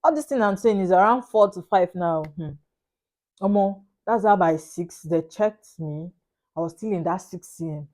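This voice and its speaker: A young Nigerian woman with a Nigerian accent, telling her own story in an animated, dramatic way in a casual vlog. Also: mid-range voice, a little fast. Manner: animated, dramatic retelling with Pidgin and Yoruba asides. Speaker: vlogger.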